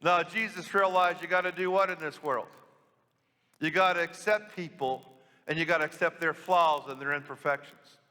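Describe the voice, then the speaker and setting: A priest giving a storytelling sermon in church, talking conversationally and asking the congregation questions. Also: male voice, a little high, steady tone, normal speed, bright, forceful tone, clear, resonant tone. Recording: long church reverb.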